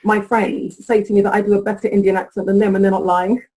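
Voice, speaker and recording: A woman relationship coach as an interview guest, speaking in an animated way with laughs while she tells stories. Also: medium pitch, quick pace, breathy edge, rough recording. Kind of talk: interview conversation.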